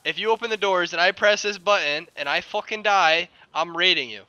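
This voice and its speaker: A man's voice: high voice, brisk, pushed and bright, dull audio. An American man in in-game voice chat, sarcastic and suspicious, teasing with mock-British slang. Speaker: player in voice chat. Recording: noisy game voice chat with gunfire.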